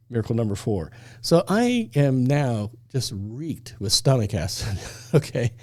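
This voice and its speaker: A middle-aged man from Indiana spins a personal story on a podcast. His voice is mellow and dark. He talks casually, laughs often and acts out every line of dialogue. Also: mid-range voice, big pitch swings, normal speed, hardly any pauses.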